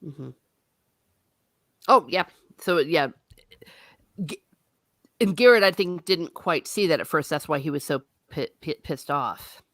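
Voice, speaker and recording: Low-voiced, unhurried woman recapping a book. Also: expressive, a bit bright, no room sound, studio quality. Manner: chatty plot recap, swears casually. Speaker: book discussion host. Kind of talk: casual book discussion.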